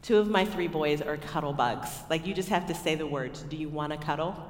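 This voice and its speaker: A woman with a Texan accent preaching a sermon to a women's gathering, telling stories and swinging between loud and hushed moments. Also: low-pitched, a little fast. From Texas. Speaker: women's ministry speaker. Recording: echoey hall with long reverb.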